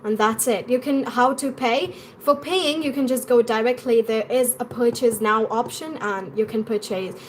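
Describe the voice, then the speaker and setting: A young woman with an acquired British accent, answering viewer questions as an English pronunciation coach in a live stream, in a quick, chatty way. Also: a little high, a little hiss or hum.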